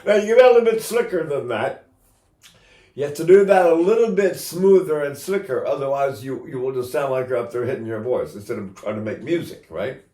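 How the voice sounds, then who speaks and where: An older man teaching singing technique, explaining calmly and breaking into loud operatic vocal demonstrations. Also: medium pitch, fairly quick, roomy sound.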